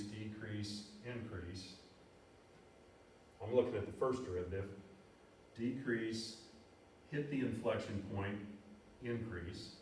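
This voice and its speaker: Slow-talking teacher in a very echoey room. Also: male voice, fairly low pitch, slight background noise. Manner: thinks aloud while plotting, counting off numbers. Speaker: math teacher. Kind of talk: casual classroom lesson. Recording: very echoey room, voice from far off, faint music.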